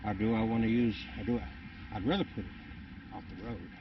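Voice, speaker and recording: A man's voice: lowish voice, steady tone, brisk, noisy background. A man rambling through a casual vlog outdoors, out of breath and full of fillers. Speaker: vlogger. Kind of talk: casual rambling walk-and-talk. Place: outdoors on wooded rural land. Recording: distant dull outdoor recording.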